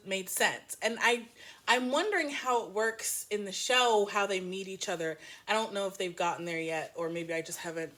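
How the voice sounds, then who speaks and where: Bright, lively woman book reviewer. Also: mid-range voice. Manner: animated, laughs often, playful asides. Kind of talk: casual review chat.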